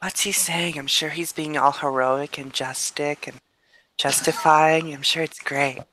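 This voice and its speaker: A player chatting excitably at a tabletop game. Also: mid-range voice, measured pace, poor audio. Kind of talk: casual chat at a tabletop game.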